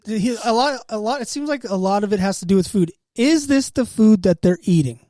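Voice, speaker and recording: Brief: young male podcast co-host, high voice, animated jokey banter. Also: no echo. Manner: animated, joking, quick to put on silly voices. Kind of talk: casual chat.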